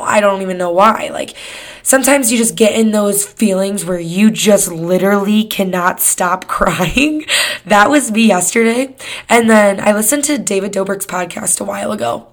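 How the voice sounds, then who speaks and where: A woman's voice: medium pitch, moderate pace. A woman of twenty-one hosting her own podcast, talking in a candid, rambling way and swearing often. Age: 20s. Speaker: podcast host. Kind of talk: casual solo podcast chat.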